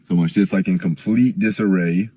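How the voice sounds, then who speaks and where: A young man telling a rambling, profane story in casual chat, getting louder and higher as he gets worked up. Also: fairly even intonation, normal speed.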